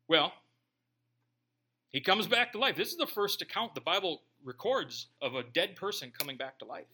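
A man preaching a sermon in an animated, conversational way, full of rhetorical questions to the congregation. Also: high voice, normal speed. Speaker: pastor.

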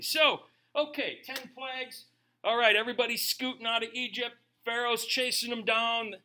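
A man preaching a sermon to his congregation, animated and conversational, often slipping into acted-out voices of the people in his stories. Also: very high-pitched, normal speed. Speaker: pastor.

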